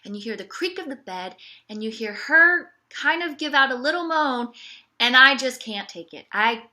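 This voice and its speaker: A woman recounts her own story in a relaxed, confessional style, wry and sarcastic about what happened to her. Her voice sits a bit high and sounds bright and sharp. She keeps dropping in casual fillers and ironic reassurances. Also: moderate pace. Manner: candid, wry and sarcastic, repeating 'it's okay' ironically; conversational with frequent 'like' and 'you know'. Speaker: podcast host telling her own story.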